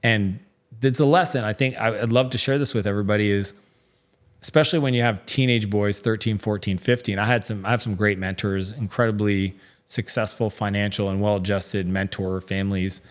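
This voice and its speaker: A man's voice: lowish voice, fairly even intonation, a little fast. Chatty middle-aged man telling stories. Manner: chatty storytelling, many fillers, acts out quoted dialogue. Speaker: interview guest, entrepreneur. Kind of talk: casual interview conversation.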